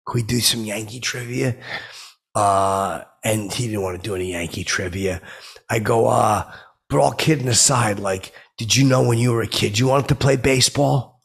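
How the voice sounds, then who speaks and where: A man playing a clueless, brash comic who rambles through stories with loud outbursts when he quotes himself. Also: on the low side, normal speed. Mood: rambling. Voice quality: gravelly, husky voice. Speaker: comedy podcast host in character. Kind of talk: rambling comic storytelling monologue.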